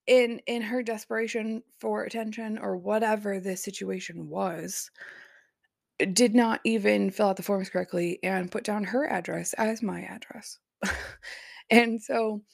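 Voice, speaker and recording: Gravelly-voiced woman telling a story. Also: mid-range voice, no room sound, studio quality. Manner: chatty, peppered with "like", laughs in disbelief. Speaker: podcast host. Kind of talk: casual personal storytelling.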